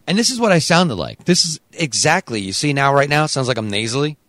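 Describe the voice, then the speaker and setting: Loud, profane male podcast host. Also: mid-range voice, very animated, fast, no room sound. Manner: loud, profane, sing-song hype delivery. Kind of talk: casual live show banter. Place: studio.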